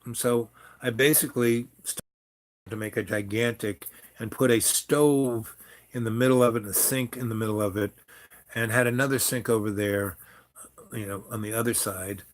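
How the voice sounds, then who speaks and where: A man's voice: fairly low pitch, steady tone, normal speed. A man telling a personal story in a casual, rambling way, frank and loose, with lots of asides. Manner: rambling and frank, many fillers and restarts.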